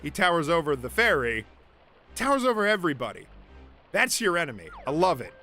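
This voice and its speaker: A man streaming a game with excitable, laughing, swearing commentary. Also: on the high side, fairly quick. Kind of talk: casual gameplay commentary. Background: game music.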